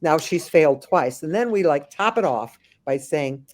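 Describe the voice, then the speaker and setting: A woman working as a memory care consultant, answering interview questions with lively acted-out anecdotes and frequent restarts. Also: low-pitched, normal speed. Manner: animated storyteller, slips into voices of the people she describes; frequent restarts and thinking aloud.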